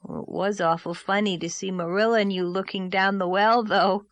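A woman's voice: mid-range voice, steady tone, normal speed, no echo, lo-fi sound, natural voice. A woman voicing a blunt, aggrieved six-year-old boy in a storybook reading. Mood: scornful. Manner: childish, plaintive, matter-of-fact.

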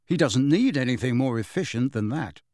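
An earnest, firm teenage boy wizard, as a man reads him in a storybook. He speaks plainly and steadily, with a lively pitch and a dry, close sound. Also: moderate pace, no echo, close to an everyday voice.

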